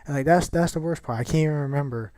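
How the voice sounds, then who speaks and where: A man's voice: on the high side, fast talker, a little mellow, dry recording. A young man chatting casually over gameplay, rambling and swearing with lots of restarts. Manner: rambling and profane, many restarts.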